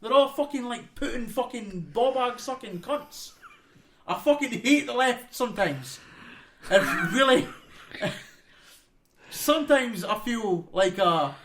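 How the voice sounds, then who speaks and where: A man's voice: very high-pitched, animated, slow, a bit bright, slight background noise. Ranting, swearing Scottish young man. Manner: swears heavily, rants with mocking voices. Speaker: podcast co-host. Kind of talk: profane casual chat, ranting.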